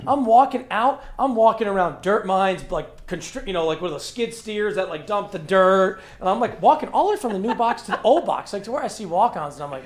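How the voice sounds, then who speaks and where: Animated, profane male storyteller. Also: sits high, brisk, hardly any pauses. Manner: animated, profane, acts out quoted dialogue. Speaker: podcast guest, former college catcher. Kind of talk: casual storytelling.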